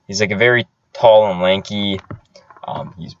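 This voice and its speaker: A man's voice: on the low side, steady tone, moderate pace, a bit bright, no echo. A young man co-hosting a casual podcast, telling a loose story full of "like". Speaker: podcast co-host. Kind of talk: casual chat. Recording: dull lo-fi audio.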